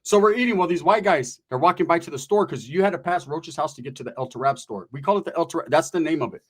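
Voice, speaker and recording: A man's voice: on the high side, fast, slightly rough. A middle-aged man from California telling a rambling, profane story in streetwise slang. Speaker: storyteller guest. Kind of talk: casual anecdote telling.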